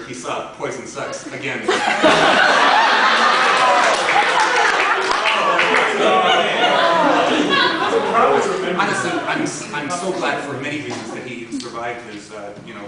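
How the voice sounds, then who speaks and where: A man's voice: medium pitch, fairly quick, a loud crowd. A man, a record producer, telling a funny story from his career in a casual way, often laughing and quoting people. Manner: animated, laughing often, quotes voices. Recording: roomy, distant mic, noisy background.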